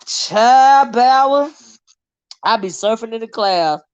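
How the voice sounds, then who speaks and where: High-voiced laughing woman livestream host. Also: lively intonation, slow pace, clean tone, dry recording, dull audio. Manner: laughs often, teases her chat, sidetracked and rambling. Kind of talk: casual live-stream chat reading viewer comments.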